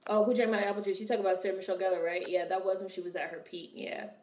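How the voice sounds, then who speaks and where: A woman's voice: medium pitch, flat delivery, racing, a little mellow, roomy sound, a little hiss or hum. A young woman casually commenting on a film during a live stream, swearing freely and answering her chat. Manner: chatty, swearing, reads and answers viewer chat.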